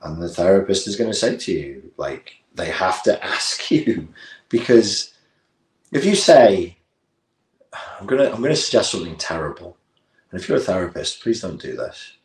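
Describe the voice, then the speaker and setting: Deep-voiced guy, blunt coach talk, roomy echo. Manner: blunt, emphatic, acts out therapist-client dialogue. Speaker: life coach. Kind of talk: direct-to-camera talk.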